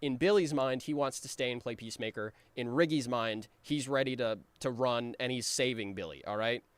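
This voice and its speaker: A man talks casually about his own cartoon as its creator, wandering through ums and false starts and now and then performing his characters' lines in rapid voices. His voice is medium in pitch and smooth, captured in a dry recording.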